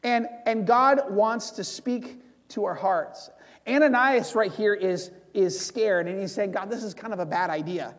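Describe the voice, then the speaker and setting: High-voiced preacher in a reverberant hall. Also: male voice, unhurried. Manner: conversational, leads prayer, acts out dialogue. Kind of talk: sermon.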